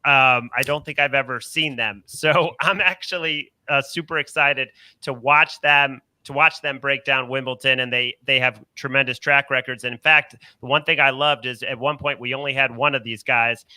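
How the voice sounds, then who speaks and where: A man's voice: mid-range voice, fairly even intonation, moderate pace, few pauses, pushed and bright, dry recording. A man, a regular on a betting show, chatting casually and rambling as he interrupts himself. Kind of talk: casual chat.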